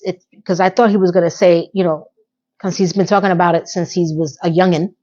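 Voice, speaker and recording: A woman's voice: fairly low pitch, fairly even intonation, fairly quick, a little mellow, dull audio. A woman chatting casually to her viewers as she recaps a TV episode, sassy and direct.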